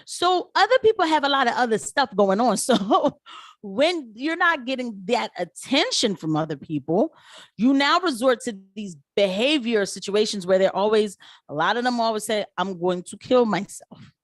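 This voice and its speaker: A woman with a slightly high voice talks straight to viewers in a casual commentary vlog about her nurse's work, animated and quick to adopt put-on voices for the people she quotes. The sound is close and dry, with no room echo.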